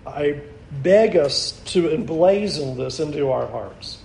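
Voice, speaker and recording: Man, high voice, earnest sermon, slows for emphasis, roomy echo. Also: expressive, gravelly. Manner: earnest preaching, slowing for emphasis and dropping soft at key lines. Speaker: pastor.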